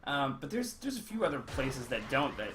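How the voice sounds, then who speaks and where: A man's voice: medium pitch, very animated, normal speed, a bit bright, a little hiss or hum. A young man chatting casually on a game stream, rambling with many ums and uhs. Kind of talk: casual chat while gaming, reading chat.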